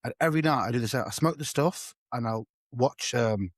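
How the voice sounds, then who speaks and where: Podcast co-host, mid-pitched voice, lively street-slang storyteller, dry close sound. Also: male voice, normal speed, dry recording. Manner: slangy, animated storyteller, swears freely. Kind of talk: casual storytelling chat.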